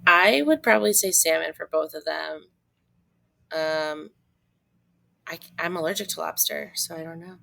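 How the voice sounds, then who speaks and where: A woman guest on a podcast, telling stories in an animated, giggly way. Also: low voice, a little slow, vocal fry, long pauses. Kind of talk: casual chat.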